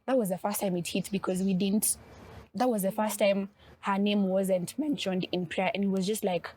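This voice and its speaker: A woman's voice: mid-range voice, fairly even intonation, normal speed, mellow, slight background noise. Earnest woman telling a story. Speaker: podcast co-host. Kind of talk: podcast conversation.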